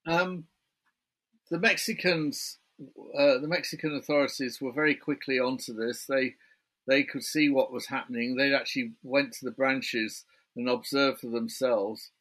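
A man's voice: medium pitch, steady tone, a little slow, a bit bright. Man, British accent, author guest, chatty storyteller, mid-range voice. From Britain. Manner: chatty, builds a story point by point. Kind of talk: remote interview, storytelling.

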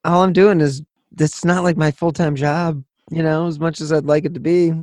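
A male podcast host talks in a loose, ranting way, cursing without a filter. His voice sits a little high for a man. The recording is dry and close, with no room sound. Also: steady tone, moderate pace, a little mellow, no room sound. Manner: blunt, profane, ranting. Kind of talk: casual interview chat.

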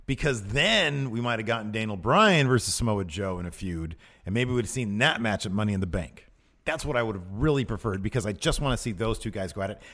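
A man co-hosting a podcast, chatting casually about wrestling in an animated, rambling way. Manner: animated, rambling, quick swings in pitch. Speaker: podcast co-host.

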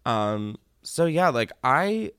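Guy hosting a podcast, chatty and jokey, loud squeals then low mumbles, dry close sound. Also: takes it slowly, smooth, dry recording. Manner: animated, jokey, swings between loud squeals and low mutters. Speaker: podcast host. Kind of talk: casual chat.

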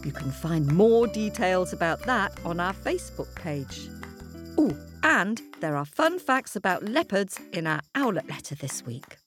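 A woman hosts a children's podcast and talks to her young listeners in a chatty, playful way. Her voice sits somewhat low, and clear music plays underneath her. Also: big pitch swings, a little slow. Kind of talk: friendly outro chat to young listeners.

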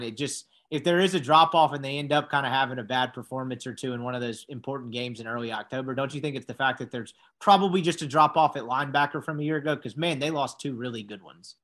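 A man's voice: medium pitch, fairly bright tone. A man co-hosting a casual sports podcast, conversational and full of questions for his co-host.

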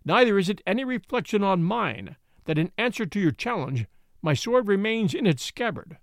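A man's voice: high voice, animated, normal speed, gravelly, no room sound, studio quality. A man doing a firm, principled knight.

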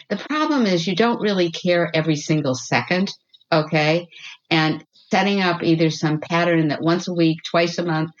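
On a muffled recording, a low-voiced woman appears as a podcast guest offering parenting advice. She is earnest and reassuring, tagging her points with "okay?" and "you know what?".

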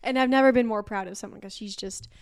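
A woman's voice: mid-range voice, quick pace. A young woman co-hosting a podcast, telling candid stories in casual chat, laughing often and using lots of "like". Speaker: podcast co-host.

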